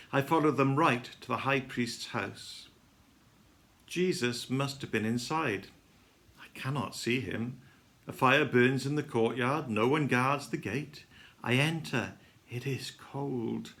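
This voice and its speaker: A man giving a dramatic first-person devotional reading, telling the story with emotion that swings between hushed and loud. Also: mid-range voice. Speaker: devotional reader.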